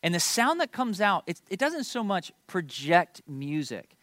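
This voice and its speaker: A man's voice: high-pitched, big pitch swings, measured pace, a bit bright, no room sound. A man in his thirties preaching a sermon, telling a family story with playful asides to the congregation. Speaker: pastor.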